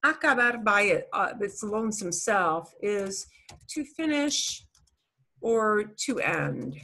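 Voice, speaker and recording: Bright, husky-voiced woman teaching. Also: mid-range voice, big pitch swings, takes it slowly. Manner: chatty, explanatory, with fillers. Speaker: Spanish teacher. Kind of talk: online class lesson.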